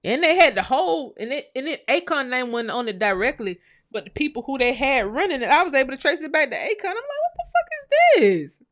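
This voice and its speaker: A woman's voice: sits high, fast talker, dry recording, studio quality. A woman hosting a casual livestream, reading viewer comments aloud and talking back bluntly, with plenty of swearing. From United States. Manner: blunt, animated, swears freely, addresses viewers as y'all. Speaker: livestream host.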